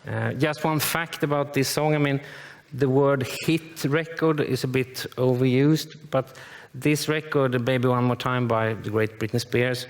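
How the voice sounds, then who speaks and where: A man's voice: medium pitch, steady tone, measured pace, hardly any pauses, in a large hall. A man acting as both interviewer and DJ, chatty, often repeating words as he starts a sentence. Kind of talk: stage interview.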